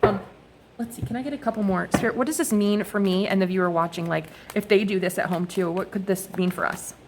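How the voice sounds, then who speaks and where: Woman, young adult, spiritual vlogger, casual rambling, profane, animated storytelling. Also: medium pitch, fast, background noise. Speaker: spiritual vlogger reading oracle cards. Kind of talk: casual rambling monologue to viewers.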